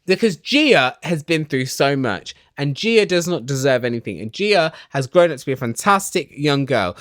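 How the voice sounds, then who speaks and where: A man ranting excitedly while recapping reality TV in a small home studio, swearing and dramatic. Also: sits high, dry recording.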